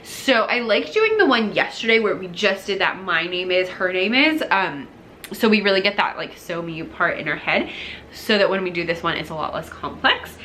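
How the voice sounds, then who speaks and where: Speaking at a normal speed in a bright, forceful, animated mid-range voice, a young elementary music teacher casually walks through her lessons. She acts out classroom dialogue, sometimes whispers and sings bits, with slight background noise.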